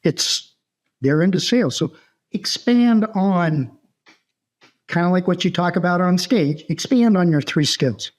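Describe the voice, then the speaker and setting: A man's voice: high-pitched, animated, measured pace. Older male host prompting a guest. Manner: direct, prompting questions. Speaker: podcast host. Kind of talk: interview questions.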